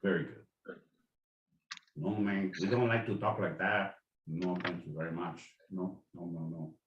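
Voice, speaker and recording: A man's voice: deep voice, fairly even intonation, measured pace, distant mic, lo-fi sound, a little hiss or hum. A man co-hosting a podcast, chatting casually and rambling with many restarts. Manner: rambling, self-correcting. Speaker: podcast co-host. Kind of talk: casual chat. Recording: roomy sound from off mic.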